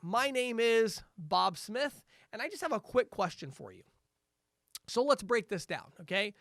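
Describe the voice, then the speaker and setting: High-voiced upbeat male sales trainer. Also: no echo, clean studio sound. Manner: energetic, coaching, acts out upbeat sales greetings.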